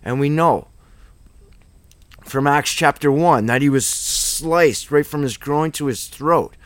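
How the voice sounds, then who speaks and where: A man's voice: fairly high pitch, slow pace, dry recording. A man teaching a Bible study in an informal, rambling, emphatic way, full of asides and rhetorical questions.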